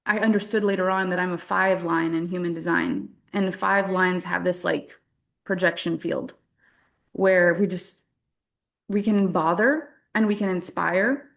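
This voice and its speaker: A woman's voice: fairly low pitch, creaky. A woman from French-speaking Canada giving a motivational workshop talk as a business coach, candid and self-deprecating, laughing often.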